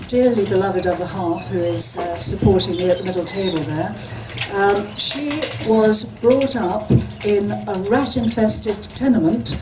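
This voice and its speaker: A woman author reads her own prose with a measured delivery and answers questions firmly. She sounds distant from the microphone, and there is clear background noise at the event. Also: mid-range voice. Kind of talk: reading fiction aloud at a panel. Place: event hall.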